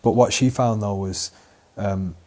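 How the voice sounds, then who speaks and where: Low-voiced rambling English man. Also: fairly even intonation, measured pace, warm tone. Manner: rambling, chatty, swears casually, frequent fillers. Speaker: podcast host. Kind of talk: casual chat.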